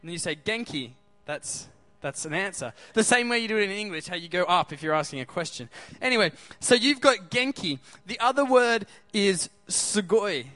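A man's voice: high voice, expressive, brisk, few pauses, sharp tone, dry recording. A man preaching a sermon in an upbeat way, often asking the crowd questions.

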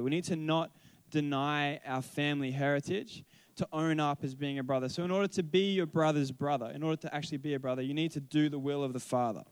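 With no room sound around him, a man with a slightly high voice gives a casual Bible talk. A teacher by trade, he tells stories in a rambling way, often stopping to correct himself.

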